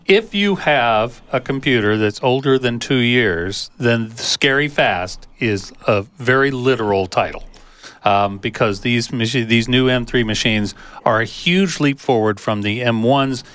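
A man's voice: medium pitch, a little slow, a bit bright. A man appearing as a guest tech specialist on a radio show, talking casually with enthusiasm and jokes. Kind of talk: casual on-air chat.

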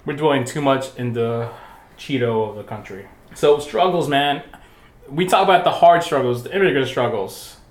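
A young man co-hosts a casual podcast and keeps the talk loose with jokes, swearing and frequent laughter. His voice sits at a middle pitch. The recording has a roomy echo. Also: moderate pace. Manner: joking, laughs often, swears. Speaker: podcast co-host. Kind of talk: casual chat.

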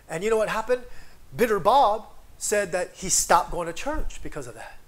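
A man with a notably high voice delivers a sermon in a loose, conversational way. He keeps checking in with the listeners and builds toward emphatic declarations. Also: animated, normal speed. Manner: conversational, frequent "right?" tags, rising to emphatic declarations. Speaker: preacher.

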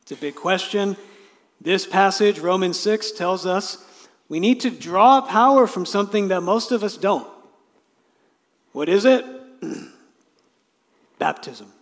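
A male pastor giving a sermon. He swings from loud, emphatic declarations to hushed, near-whispered lines, with conversational asides and light laughs. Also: high voice, slow pace, long pauses, long reverb tail.

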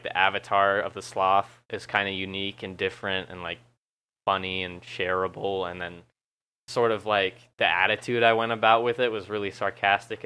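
A man's voice: low voice, pushed and bright, clean tone. A young man chatting casually on a podcast, laid-back and swearing often, laughing at himself. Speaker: YouTuber and podcast guest.

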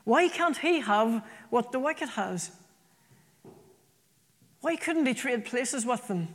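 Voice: medium pitch, expressive, takes it slowly, a bit bright. A preacher delivering an earnest sermon, often repeating phrases for emphasis. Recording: long reverb from a hall.

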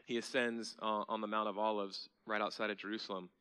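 Bright-voiced man preaching a sermon. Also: fairly low pitch, level tone, a little fast, clear, resonant tone. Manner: earnest preaching with rhetorical questions and emphatic repetition. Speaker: pastor.

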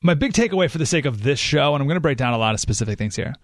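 A man hosting a talk radio show, speaking casually but emphatically. He slows right down to stress his points and breaks into animated outbursts. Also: mid-range voice, no echo, clean studio sound. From San Diego area. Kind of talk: conversational talk radio monologue. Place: radio studio. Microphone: studio microphone.

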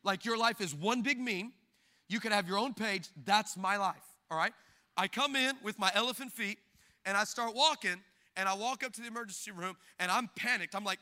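A pastor delivers a comic sermon, telling his story with lots of energy and jokes. His voice sits very high and sounds strikingly bright and sharp. He acts out the people in the story, going loud and then soft. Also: moderate pace. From Hispanic background. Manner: animated, jokey, acts out quoted people with big shifts in loudness.

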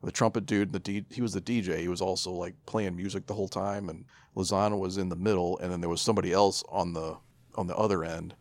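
A man's voice: deep voice, steady tone, fast talker, a little mellow, no room sound. A man co-hosting a podcast, telling a story in casual chat, rambling with restarts and swearing. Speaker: podcast co-host.

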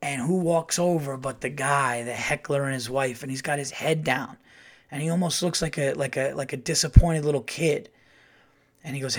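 A middle-aged man telling a casual, animated story as a comedian hosting his podcast. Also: moderate pace. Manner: animated, acts out quotes in a louder higher voice.

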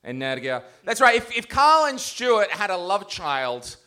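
A man's voice: high voice, very animated, measured pace, bright, forceful tone, clean tone. A man doing live stand-up on a comedy stage, roasting people in the audience with crude, mocking banter.

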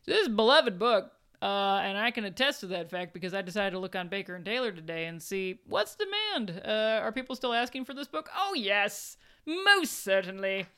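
Sarcastic lady podcast host, smooth clear voice, dry jokes. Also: medium pitch, lively intonation, a little fast, hardly any pauses, fairly bright tone. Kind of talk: casual book review chat.

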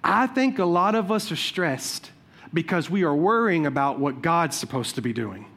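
Pastor guy w a high voice preaching, chatty and funny, keeps saying watch this. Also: moderate pace, creaky. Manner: animated, conversational, humorous storytelling; repeats "watch this" to cue points. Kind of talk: sermon with personal stories.

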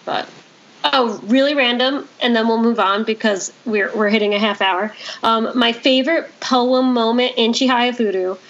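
A woman hosting a casual podcast, talking in an animated way with quick asides. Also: a little high. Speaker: podcast host. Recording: dull lo-fi sound.

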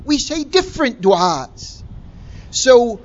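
Man, high register, emphatic religious lecturer; dull lo-fi recording. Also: big pitch swings, slow pace. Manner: emphatic, rhetorical questions. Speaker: Islamic lecturer.

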